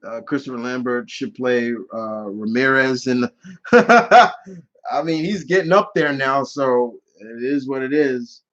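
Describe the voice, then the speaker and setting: Male streamer host, casual rambling storyteller, mid pitch, slightly muffled audio. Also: lively intonation, measured pace, fairly bright tone. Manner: rambling storyteller with many restarts and fillers. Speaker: channel host answering live questions. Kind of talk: casual live Q&A chat.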